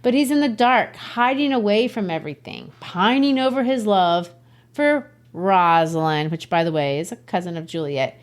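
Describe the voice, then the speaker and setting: A woman from Brazil, hosting a podcast and casually explaining a play, chatty and quick to laugh. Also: mid-range voice. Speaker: podcast host. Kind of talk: literature lesson, casual explaining.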